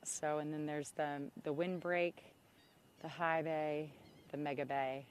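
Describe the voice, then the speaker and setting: A woman hosting an outdoor livestream, talking excitedly into a handheld camera by a public road. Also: low voice, unhurried, slight background noise. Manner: excitable, exclaims often. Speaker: livestream host.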